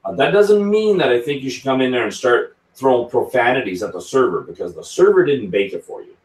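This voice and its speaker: A man's voice: mid-range voice, sing-song, a little fast, far from the mic. A man hosting a casual live chat about whisky, reading out viewer comments as he goes. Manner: chatty, reads out viewer comments. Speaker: whisky channel host. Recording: roomy sound, set back from the mic.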